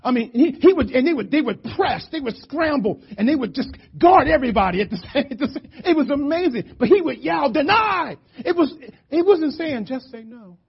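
High-voiced animated preacher man. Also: a little fast, creaky, hardly any pauses. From West Philadelphia. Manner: animated, storytelling, shouts for emphasis. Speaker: pastor. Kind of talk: sermon. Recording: muffled lo-fi church audio.

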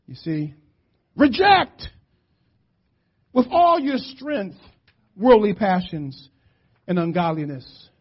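A middle-aged man from West Philadelphia preaching a sermon, animated and storytelling, shouting for emphasis. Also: high-pitched, slow, slightly rough. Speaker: pastor. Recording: muffled lo-fi church audio.

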